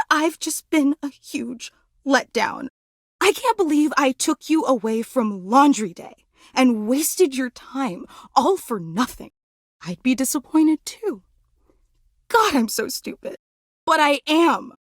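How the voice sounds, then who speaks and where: A high, swooping voice of an obsessive superfan in a video game, gushing and apologetic, emotional and self-deprecating. She sounds close and dry, with no room around her. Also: no room sound, full character voice. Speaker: game character.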